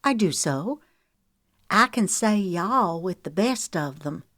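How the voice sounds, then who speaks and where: A woman reading as a young songwriter in an audiobook, giving quick, defensive replies in a raised voice. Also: mid-range voice, expressive, dry recording, studio quality, voice pushed up, natural voice.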